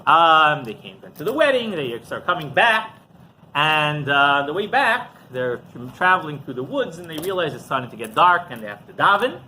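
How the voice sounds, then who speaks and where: A rabbi telling a story in a class, with quick asides and questions to a live audience. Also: male voice, fairly high pitch, big pitch swings, pushed and bright, slight background noise.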